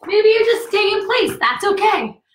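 A woman with a high voice leads a kids yoga class in an upbeat, coaxing way, counting out the moves and cheering. She is a little out of breath from the exercise. Her voice comes from some distance off in an echoey room. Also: lively intonation, moderate pace.

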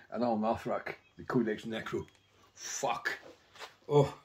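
A man's voice: on the low side, steady tone, measured pace, darkish tone, a little hiss or hum. A man casually rambling through anecdotes about his record collection, swearing constantly.

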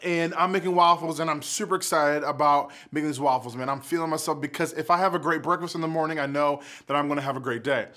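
Young male youth leader, high voice, animated and excitable, casual talk to camera. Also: fast, few pauses.

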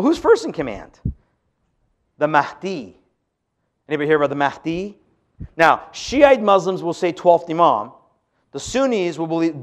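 A man with a high voice lectures a live audience as a pastor. He pushes key points hard, then drops to hushed asides. He keeps turning to the crowd with rhetorical questions. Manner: animated, swings between loud emphasis and hushed asides.

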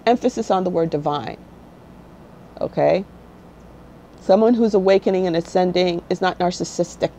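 As the host and spiritual guide of her own channel, a woman gives a casual, blunt talk to camera, repeatedly checking in with "okay?". Her low voice has a dark tone, normal speed, and long pauses, over a rough recording with a little hiss or hum.

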